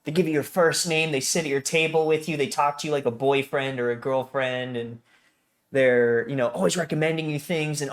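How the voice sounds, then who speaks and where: A man's voice: fairly high pitch, brisk. A young American man from Colorado, a guest in casual conversation, telling stories animatedly and laughing often. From Colorado, USA.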